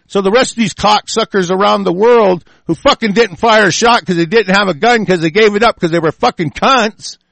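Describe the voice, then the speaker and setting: A man's voice: sits high, fairly quick, creaky, few pauses, no echo. A man hosting a radio show, delivering an angry, profane political rant full of cursing. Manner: profane, shouting, heavy cursing.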